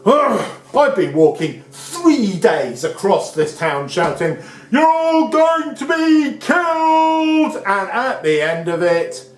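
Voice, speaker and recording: A man voicing a grumpy, sulking male prophet who shouts petulantly, recorded in an echoey room. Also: a little high, expressive, takes it slowly, far from the mic. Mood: indignant.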